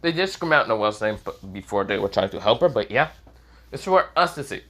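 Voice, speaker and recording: A man's voice: fairly low pitch, lively intonation, a little fast, a bit bright. A young man casually narrating an improvised fan story, rambling with many fillers and casual swearing.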